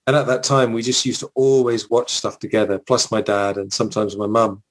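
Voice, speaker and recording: A man's voice: on the low side, level tone, fairly quick, rough recording. A man with an English accent, co-hosting a podcast, telling long, nostalgic stories with plenty of fillers. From England. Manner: rambling, nostalgic storytelling with fillers. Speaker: podcast co-host. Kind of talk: casual chat.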